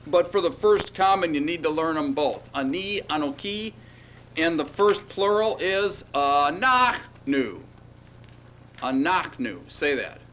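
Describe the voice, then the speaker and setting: A man's voice: a little high, expressive, unhurried, fairly bright tone, slight background noise. A man teaching a Hebrew grammar class, checking in with his students and leading them in repeating words after him. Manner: drilling students with call-and-response repetition; checks in often with okay and all right. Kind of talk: classroom lecture.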